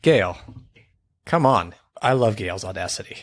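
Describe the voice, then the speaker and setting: A man's voice: fairly low pitch, lively intonation, a little slow. A man co-hosting a podcast in casual chat, trading playful, joking banter. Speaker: podcast co-host.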